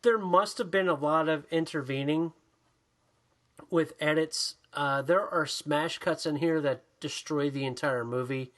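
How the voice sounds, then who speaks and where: A man co-hosting a podcast, chatting casually about movies in an animated, profane way, often acting out the voices he quotes. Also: on the high side, a little slow. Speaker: podcast co-host. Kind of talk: casual chat, movie review.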